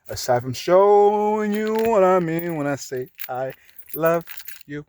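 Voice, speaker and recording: A man's voice: sits high, animated, a little slow, darkish tone, a little hiss or hum, rough recording. A young man in a rambling, emotional spoken-word monologue. He swears freely and speaks straight to someone he loves. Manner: earnest, emotional, profane, talking to a loved one. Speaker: vlogger.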